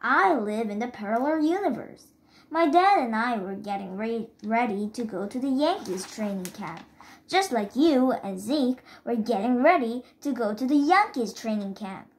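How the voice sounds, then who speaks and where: A woman's voice: fairly high pitch, lively intonation, moderate pace. A woman reading the lines of an earnest, polite young boy in a storybook. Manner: polite, pleading, says sir.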